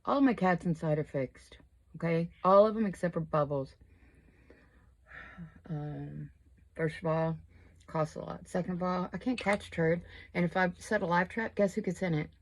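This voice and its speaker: A lowish-voiced woman in her fifties makes crochet and makeup videos; here she rambles casually while doing her makeup at home, joking at her own expense. She speaks at normal speed, leaving long pauses.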